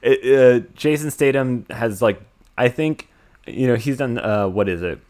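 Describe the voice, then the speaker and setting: He recaps a movie in a meandering way, restarting often and leaning heavily on "like," as a young American man hosting a relaxed chat. His voice is medium-pitched, a little mellow, and measured in pace.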